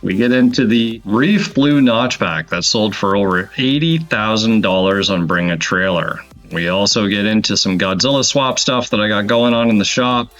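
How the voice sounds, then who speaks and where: A man's voice: fairly low pitch, a bit bright. Male host for a podcast opener: casual and upbeat, lo-fi and a little muffled. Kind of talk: read podcast intro. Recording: dull lo-fi sound.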